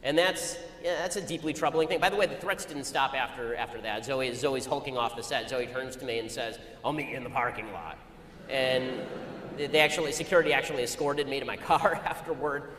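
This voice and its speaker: A man telling a story to an audience in a rapid-fire, argumentative way. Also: mid-range voice, fairly bright tone. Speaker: speaker addressing an audience. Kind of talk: anecdotal public talk. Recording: echoey hall with long reverb, faint ambient noise.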